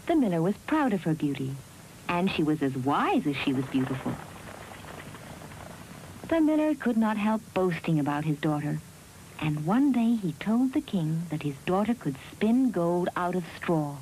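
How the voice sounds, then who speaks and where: A woman narrating a fairy tale in a measured, expressive storybook style. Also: fairly low pitch, a little hiss or hum, rough recording.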